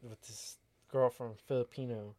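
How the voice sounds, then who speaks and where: A man's voice: mid-range voice, fairly even intonation, normal speed, a little mellow, dry recording. A man guesting on a podcast, telling stories in casual chat, blunt and profane. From Mexican family, raised in Florida.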